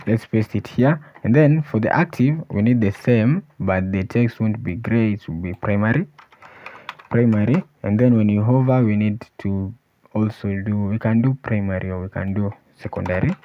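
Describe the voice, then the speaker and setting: Man, coding tutorial instructor, thinking aloud step by step, deep voice, faint typing noise. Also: moderate pace. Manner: thinks aloud while typing, frequent "let's see". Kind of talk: screen-recorded coding walkthrough. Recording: dull lo-fi voice recording. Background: keyboard typing and clicks.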